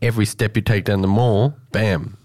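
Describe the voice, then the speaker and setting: Playful low-voiced radio host. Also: male voice, steady tone, moderate pace, darkish tone. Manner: playful and upbeat, jokey. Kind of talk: casual radio banter. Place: radio studio.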